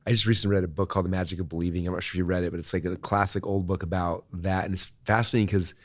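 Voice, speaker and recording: A man's voice: low-pitched, steady tone, rapid-fire, dry recording. A man hosting a casual interview, talking in an enthusiastic, encouraging way with lots of fillers. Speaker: host.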